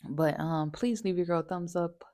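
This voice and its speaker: A woman's voice: on the low side, normal speed, dark tone, no echo, clean studio sound. A young woman giving a casual, rambling astrology reading and speaking straight to her listeners in slangy talk. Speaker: astrology tarot reader.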